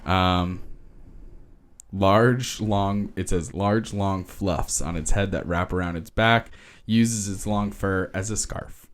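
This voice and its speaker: Deep-voiced man gushing on a podcast. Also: fairly even intonation, takes it slowly. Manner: enthusiastic, swears casually, laughs often. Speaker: podcast co-host. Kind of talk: casual chat.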